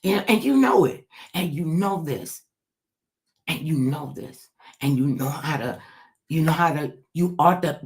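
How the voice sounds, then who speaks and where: A woman's voice: deep voice, animated, a little slow, darkish tone. A woman host giving an impassioned livestream monologue, preachy, firing rhetorical questions at her listeners and repeating phrases for emphasis.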